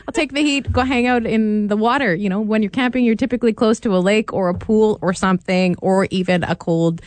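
A woman's voice: mid-range voice, fairly even intonation, fairly quick, a little mellow, no room sound. A woman from a radio newsroom chatting casually on air, sarcastic and often laughing. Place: radio studio.

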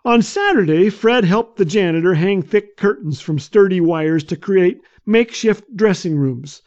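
A man on a radio devotional, telling a gently comic family anecdote in a humorous storytelling style. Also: sits high. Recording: dull lo-fi.

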